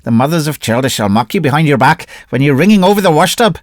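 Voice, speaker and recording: A man's voice: on the high side, expressive, quick pace, dry recording, clean studio sound, voice pushed up, natural voice. A man voicing a bitter old woman who lays curses and later wheedles. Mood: bitter cursing. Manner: prophetic, wailing, bitter. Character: old Irish woman, bitter soothsayer cursing.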